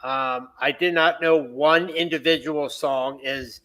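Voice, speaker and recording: A man co-hosts a casual podcast, talking hesitantly with many "um"s and restarts. His voice is fairly high and sharply bright. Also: fairly even intonation, slow. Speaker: podcast co-host. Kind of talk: casual chat.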